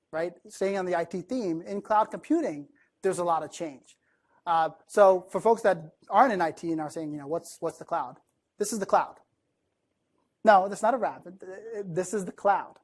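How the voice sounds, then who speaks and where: This keynote speaker, an East Coast American man, keeps his talk lively and conversational, frequently putting questions to the room. He has a high voice.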